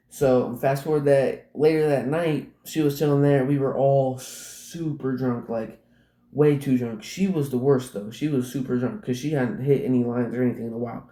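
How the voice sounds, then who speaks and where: A man's voice: medium pitch, warm tone. A man telling a personal story in casual, rambling speech, packed with "like" and swearing. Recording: roomy echo.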